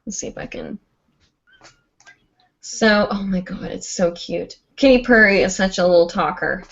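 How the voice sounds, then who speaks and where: A woman talking casually on a livestream, rambling and filling pauses with "like" and "um". Her voice sits at an ordinary middle pitch. The audio is dull and lo-fi. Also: gravelly. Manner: chatty, rambling, full of "like" and "um". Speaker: host of a live hooping show.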